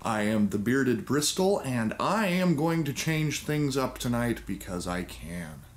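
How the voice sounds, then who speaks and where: A man's voice: medium pitch, big pitch swings, a little slow. A man hosting a video and reading an old children's story aloud with wry, theatrical asides. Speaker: YouTube host. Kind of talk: joking story-time reading.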